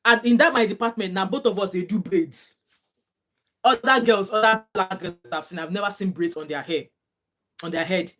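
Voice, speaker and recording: A woman's voice: medium pitch, moderate pace, long pauses, fairly bright tone. A young adult woman from Nigeria with a Nigerian accent, chatting casually as a vlogger, telling stories and mixing in Pidgin phrases. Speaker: vlogger reading viewer comments. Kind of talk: casual chat.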